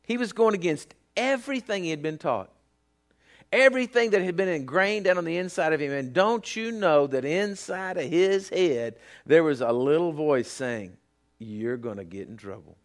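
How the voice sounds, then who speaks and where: A male pastor delivers an animated sermon. His voice sits high for a man, and he swings from hushed retelling to loud, drawn-out emphasis.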